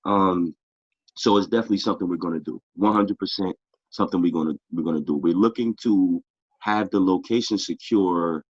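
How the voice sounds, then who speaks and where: A man's voice: low voice, a little fast, breathy edge, no echo, dull audio. A middle-aged man, a boxing club founder, talking casually as a tired interview guest and rambling through many fillers. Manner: relaxed, rambling with many "you know" fillers. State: tired, short on sleep.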